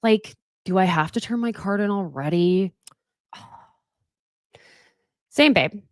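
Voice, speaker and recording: Speaking slowly in a mid-range voice, a woman recaps a reality show on her casual podcast. The studio-quality recording has no room sound. She laughs a lot, gossips animatedly, and keeps turning to address listeners directly.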